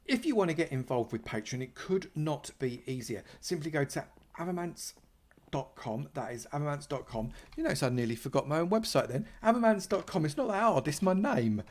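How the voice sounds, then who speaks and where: A man's voice: on the high side, animated, fairly quick. Chatty man playing Minecraft. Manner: chatty and playful, thanking supporters. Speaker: Minecraft YouTuber. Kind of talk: casual gameplay commentary.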